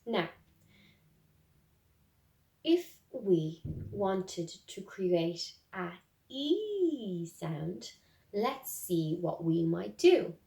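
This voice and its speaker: A woman with an Irish accent teaching a music lesson to young children, speaking gently and encouragingly and singing demonstrations. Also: mid-range voice, very animated, drawn-out words, vocal fry, pauses often. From Ireland. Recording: roomy echo.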